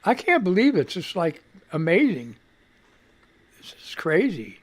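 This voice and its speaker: A man's voice: high-pitched, huge pitch swings, a little slow. A man hosting a live radio show, muttering and swearing in frustration while fixing his stream setup. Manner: swears casually. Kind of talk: casual live-stream commentary.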